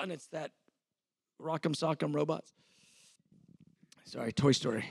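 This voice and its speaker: A man's voice: fairly high pitch, unhurried, vocal fry, breathy edge, no echo, clean studio sound. A man in his fifties, a pastor, teaching a sermon in a conversational, self-deprecating way, acting out the exchanges he quotes.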